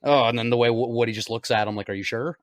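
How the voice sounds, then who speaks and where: A man in his thirties chats on a podcast, breaking into laughter often and acting out scenes as he retells them. His voice sits at an ordinary middle pitch. The sound is dry and close. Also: fairly even intonation, fast talker, no room sound. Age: 30s. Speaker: podcast co-host. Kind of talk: casual chat.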